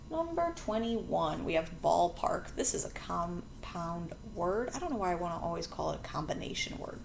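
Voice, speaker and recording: A woman with a lowish, creaky voice teaches children a phonics lesson, with slight background noise in the recording. She explains the board work patiently and chattily, correcting herself along the way.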